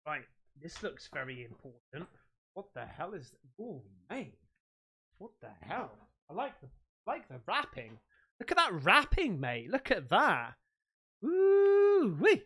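Excitable man with a lively voice. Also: a little high, unhurried. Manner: excitable, swears freely, laughs often. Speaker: streamer host. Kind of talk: casual chat while unboxing fan mail.

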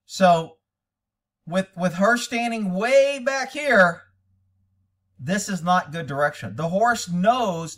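A man's voice: sits high, lively intonation, takes it slowly, pauses often, a bit bright, distant mic. A man critiquing a training video as a horse trainer, blunt, profane and lecturing.

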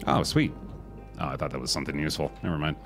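A man's voice: a bass voice, very fast, music in the background. A man streaming a video game from home, laid-back and cursing as he reacts aloud. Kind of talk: casual live-stream gaming commentary.

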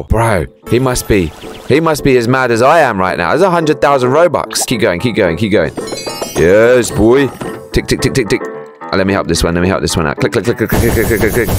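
A young man commentating on a video game, talking fast and excitedly, repeating words over and over. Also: mid-range voice. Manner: fast, repetitive, hyped-up chatter. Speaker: gaming YouTuber. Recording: faint music behind.

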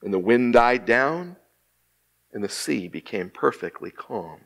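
A man preaching a sermon as associate minister in a church, slow and emphatic, with dramatic pauses and quiet hushed drops. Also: medium pitch, expressive, creaky. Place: church sanctuary.

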